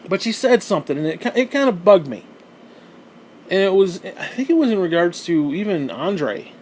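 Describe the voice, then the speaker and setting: A man's voice: high-pitched, sing-song, normal speed, darkish tone, slight background noise. A man ranting as a wrestling fan, heated, sarcastic and full of swearing. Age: adult who watched wrestling since the 1980s. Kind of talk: profane rant.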